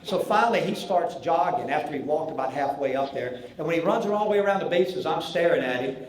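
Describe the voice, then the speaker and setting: A man in his sixties with a Southern North Carolina accent tells animated, folksy stories from a banquet stage. His voice sits a little high for a man. It rings through a very echoey hall with a faint murmur of room noise behind it. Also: quick pace. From Charlotte, North Carolina. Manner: folksy, animated anecdote-telling. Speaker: banquet keynote speaker. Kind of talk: after-dinner storytelling speech.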